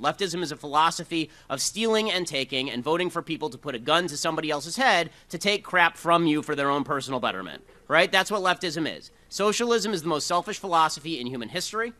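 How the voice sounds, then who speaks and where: Man delivering a combative speech, bright, tense, higher pitched. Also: very animated. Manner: fast, combative, sarcastic delivery. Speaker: speaker giving a talk. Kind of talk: speech to a live audience.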